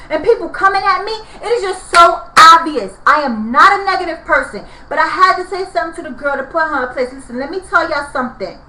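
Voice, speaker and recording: A woman rants to the camera with a very high, piercing voice. Her talk is heated, profane and repetitive, and she circles back over the same complaints. The sound rings in an echoey room. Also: pushed and bright. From New York. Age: 30s. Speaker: vlogger. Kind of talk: angry venting vlog.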